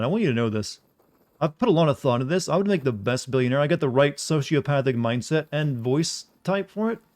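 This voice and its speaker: Deadpan male streamer. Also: mid-range voice. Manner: flat, deadpan delivery. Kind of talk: casual live-stream commentary.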